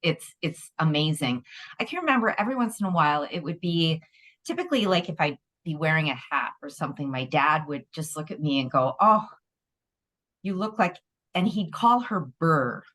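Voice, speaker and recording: A middle-aged woman co-hosting a podcast in casual chat, expressive and quick to exclaim. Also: sits low. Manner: expressive, exclaims, restarts sentences. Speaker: podcast co-host.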